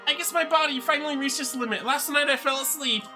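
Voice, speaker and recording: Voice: high voice, quick pace, pushed and bright, soft background music, pitched above the performer's own voice. A streamer voicing a young, earnest and anxious sister character from a video game, reading the dialogue aloud. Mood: troubled.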